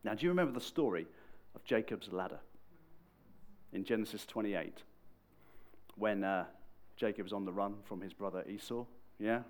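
A man's voice: lowish voice, moderate pace. Conversational male preacher. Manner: conversational and lively, with sudden bursts of emphasis. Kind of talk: sermon.

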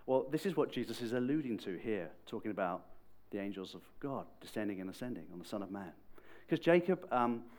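A middle-aged man preaching in a conversational, lively way, with sudden bursts of emphasis. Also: on the low side, a little fast, hardly any pauses, a little hiss or hum. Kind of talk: sermon.

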